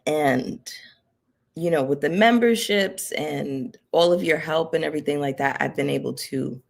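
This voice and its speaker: A woman's voice: sits low, moderate pace, creaky. Picture a young woman settled in front of her camera, talking to her regular viewers in an easy, rambling way. Her delivery is sincere and heartfelt. She leans on plenty of filler words as she thinks aloud. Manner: chatty and heartfelt, many fillers. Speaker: reality TV commentary YouTuber. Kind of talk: casual direct-to-camera chat.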